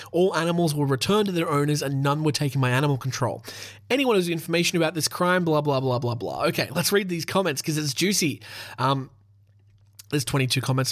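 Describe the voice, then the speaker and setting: A man hosting a podcast in casual chat, joking and swearing freely and laughing as he reads out news stories. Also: a little high. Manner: profane, joking, laughs often. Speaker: podcast host.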